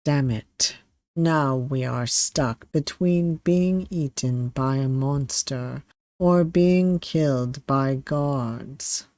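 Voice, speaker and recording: Reader doing a calm young male pirate weapon master, unhurried and even. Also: no room sound. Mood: annoyed. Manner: calm, steady, low-key reassurance. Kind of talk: reading a visual novel aloud.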